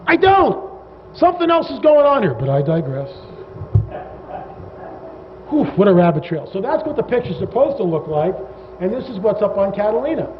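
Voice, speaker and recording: Animated man, high voice, lecturing a crowd in a big reverberant hall, sarcastic and rambling. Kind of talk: lecture to a live audience. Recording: dull reverberant hall recording with faint noise.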